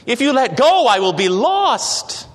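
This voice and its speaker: A man voicing a calmly insistent stranger. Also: extremely high pitch, unhurried, long reverb tail, pitched above the performer's own voice, full character voice. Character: calm mysterious stranger hanging from a rope, insistent.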